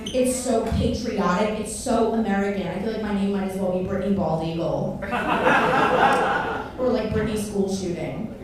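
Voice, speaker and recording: A woman's voice: medium pitch, moderate pace. A woman from Miami doing a crude stand-up set in a comedy club, laughing at her own jokes. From Miami, Kendall. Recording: echoey club from far off, noisy.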